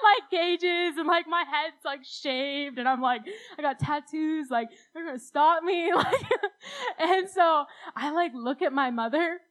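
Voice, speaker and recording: A woman's voice: high voice, a bit bright, low-quality recording. A young woman telling a rambling, self-deprecating story at a church talk, laughing often. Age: young adult. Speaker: speaker at a church youth talk.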